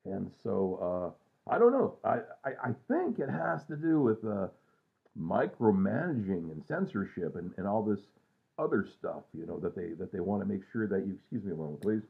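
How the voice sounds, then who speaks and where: At home at night, a man in his sixties vlogs in a loose, self-deprecating ramble full of fillers and trailing sentences. His low voice is expressive with vocal fry, and he speaks at a moderate pace. The recording has a tinny, phone-like quality.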